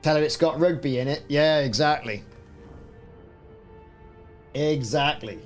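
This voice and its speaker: A man's voice: a little high, measured pace, soft background music. A man with a Welsh accent hosting a casual gaming livestream, chatting and joking with mock sports commentary asides. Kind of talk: casual live-stream chat.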